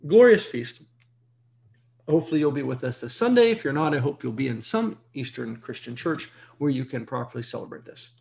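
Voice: brisk, gravelly. A Bible teacher giving an evening lecture, emphatic and full of rhetorical questions, repeating key words for stress. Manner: jumps to a high excited pitch when stressing a point.

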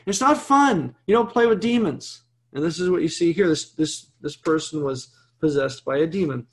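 A man's voice: fairly high pitch, lively intonation, normal speed. A man, a priest, teaching a Bible passage in a sermon, chatty and often checking in with "okay?". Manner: conversational, frequent "okay?" check-ins.

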